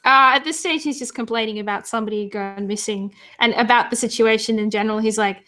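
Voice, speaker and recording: A woman's voice: on the high side, quick pace, few pauses, sharp tone. A woman running a tabletop game as game master, chatting hesitantly with plenty of fillers and voicing townsfolk.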